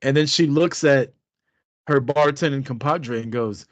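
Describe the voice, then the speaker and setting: A man's voice: mid-range voice, measured pace, no echo, dull audio. A man co-hosting a podcast, telling a rambling, profane story in casual chat. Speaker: podcast co-host.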